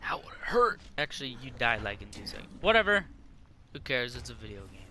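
Excitable bright-voiced man commenting gameplay. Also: mid-range voice, fairly quick, a little hiss or hum. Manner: excitable, chatty, self-mocking. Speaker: gaming channel host.

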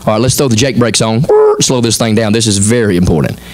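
His voice is on the low side: a middle-aged Southern American pastor giving a folksy, animated sermon. He brings the story's people to life with quick impersonations.

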